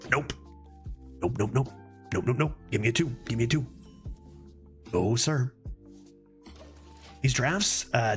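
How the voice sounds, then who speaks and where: A man streaming a card game, thinking aloud in casual commentary and getting excited over close plays. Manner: excitable, thinks aloud, sometimes drops to a low put-on voice.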